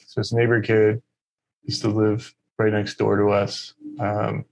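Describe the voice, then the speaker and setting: A man's voice: fairly low pitch, monotone, measured pace, creaky, darkish tone. A man from Texas telling a story in casual conversation, rambling and profane, with lots of fillers.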